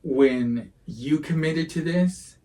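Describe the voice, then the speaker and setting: A man's voice: on the high side, slow, warm tone, far from the mic, rough recording. A middle-aged man hosting a podcast, speaking in a heartfelt, earnest way. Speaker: podcast host. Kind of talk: casual chat.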